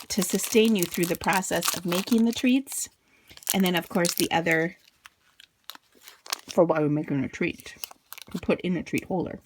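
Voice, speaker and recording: A woman's voice: lowish voice, slight background noise. Bubbly chatty woman craft host. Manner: bubbly, chatty, self-deprecating asides. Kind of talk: casual craft tutorial.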